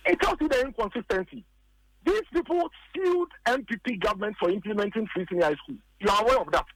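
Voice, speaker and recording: A man's voice: high-pitched, animated, quick pace, a bit bright, dry recording, low-quality recording. A man with a Ghanaian accent, a political commentator arguing emphatically on a radio talk show and hammering his points by repeating them.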